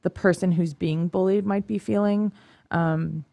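A woman's voice: fairly low pitch, fairly even intonation, a little slow, creaky, dark tone, no room sound. A woman guest on a talk show, speaking about the topic in an earnest, reflective way. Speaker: guest from a youth commission. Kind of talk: casual talk show chat.

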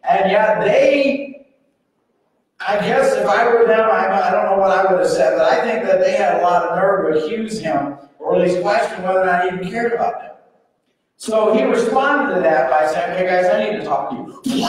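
A man's voice: sits high, normal speed. A man preaching a sermon as pastor, telling the story in a folksy, humorous way and acting out the voices. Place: church sanctuary. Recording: echoey hall, mic far off.

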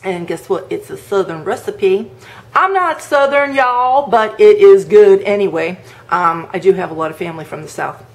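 A woman's voice: on the low side, fairly even intonation, moderate pace, vocal fry, darkish tone. A woman from the northern United States hosting a home cooking video, chatting casually as she demonstrates a recipe, with fillers and rambling asides.

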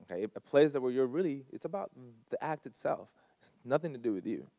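A man's voice: medium pitch, big pitch swings, fairly quick, gravelly, no echo. A man speaking earnestly to a live audience, telling personal stories in a heartfelt, emphatic way. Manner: earnest, storytelling, emphatic swings in loudness. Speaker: speaker at a community gathering.

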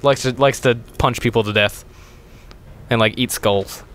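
A man's voice: medium pitch, normal speed. Young man joking through a let's play. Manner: swearing, joking, excitable outbursts. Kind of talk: casual gaming banter.

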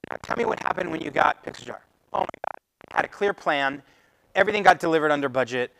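A man speaking at a meetup, giving a lively presentation and acting out conversations with clients. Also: high voice, brisk, creaky, slight background noise, poor audio. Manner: animated, acts out client conversations. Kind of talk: live presentation to a meetup audience. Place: meetup room.

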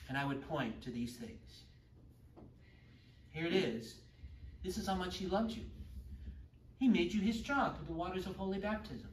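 A man's voice: high-pitched, lively intonation, moderate pace, pauses often, fairly bright tone, slight background noise. A middle-aged man teaching a church confirmation class in a chatty way, joking with his students. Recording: echoey room, far from the mic.

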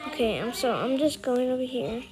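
High-voiced rambling female gameplay narrator. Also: lively intonation, brisk, rough recording. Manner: rambling, chatty, easily annoyed. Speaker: gameplay commentator. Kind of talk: recorded voice-over of gameplay.

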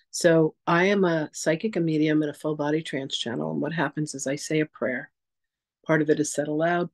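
A woman teaching a casual masterclass, telling stories in a chatty, animated way and acting out quotes. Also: sits low, rough recording. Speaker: psychic teacher.

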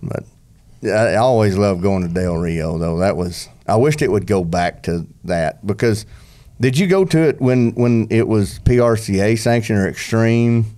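A man's voice: lowish voice, moderate pace, warm tone. A man, a former bull rider telling a rambling story on a podcast, full of restarts and country slang.

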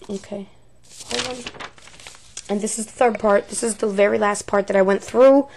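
A woman's voice: mid-range voice, steady tone, normal speed, creaky, a little mellow. A woman reviewing ghost recordings, thinking aloud in a hesitant, unsure way. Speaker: paranormal investigator.

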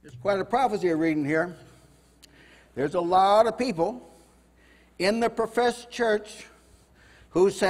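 A man preaching a sermon at a house church, fervent, his voice rising loud when he voices God and Moses. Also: sits high, normal speed, pauses often, long reverb tail. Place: house church meeting room.

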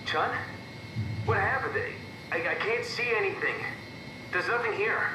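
An actor voicing a confused, frightened man waking in a simulation in a video game, his questions turning frantic. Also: unhurried. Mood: panicked. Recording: echoey, distant game audio over rumble.

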